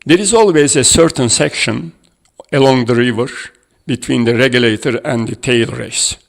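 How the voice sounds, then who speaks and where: A man giving an academic conference presentation, halting and hesitant as he reads out figures from his slides. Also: mid-range voice, gravelly. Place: conference room.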